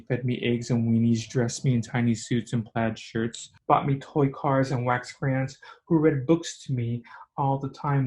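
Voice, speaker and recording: A man reading his own memoir piece aloud in a measured, rhythmic way. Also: medium pitch, a little mellow. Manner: measured, rhythmic delivery of lists and images.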